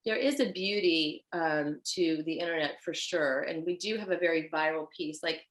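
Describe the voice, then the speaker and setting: A woman with a Haitian accent, a fashion designer guest telling stories in an animated, chatty way. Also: deep voice, moderate pace. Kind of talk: casual chat. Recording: roomy echo.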